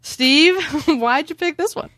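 Higher-voiced woman hosting a podcast. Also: fairly bright tone, dry recording. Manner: brisk, steering the conversation. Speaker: podcast host. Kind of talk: casual podcast discussion.

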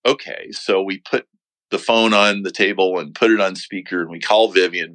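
A middle-aged man as a podcast guest, slowly and earnestly recounting a personal story in a reflective way. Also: on the low side, a bit bright, no echo, rough recording. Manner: slow, reflective, earnest telling.

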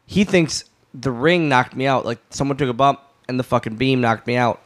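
Guy on a podcast telling a wild road story, animated, cusses a lot. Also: medium pitch, normal speed. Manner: animated storyteller, swears freely. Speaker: podcast guest, wrestler.

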